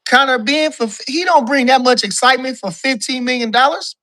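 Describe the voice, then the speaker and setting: A man with a bright, forceful voice rants about boxing as a call-in guest. He swears freely and keeps repeating his points for emphasis. He sounds loose and heated. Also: extremely high pitch, brisk. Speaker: guest caller, boxing commentator. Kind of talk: casual boxing talk rant.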